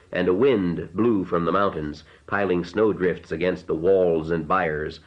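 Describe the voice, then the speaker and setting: A man reading an audiobook narration in a measured, unhurried way. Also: sits low, muffled recording.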